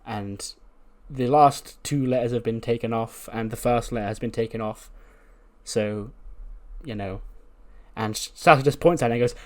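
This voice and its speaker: A man's voice: medium pitch, normal speed, darkish tone. A man narrating a wrestling-management game playthrough in a loose, rambling way. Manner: loose, rambling, many "like"s and restarts. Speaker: let's-play creator.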